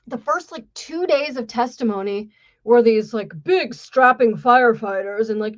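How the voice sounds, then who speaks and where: A woman's voice: on the high side, moderate pace, dull audio. A woman hosting a podcast, telling a story in a blunt, sarcastic and profane way. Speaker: podcast host. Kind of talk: casual storytelling.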